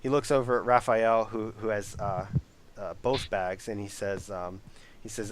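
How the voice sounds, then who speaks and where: A young man with a low voice narrates a tabletop game as its game master. He talks in a relaxed, halting way, full of fillers and restarts. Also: slight background noise.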